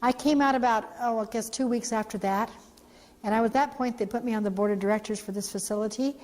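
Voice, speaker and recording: A woman, an organization's founder, giving an animated storytelling talk for a training video, acting out the voices she quotes. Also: fairly high pitch, quick pace, big-room sound.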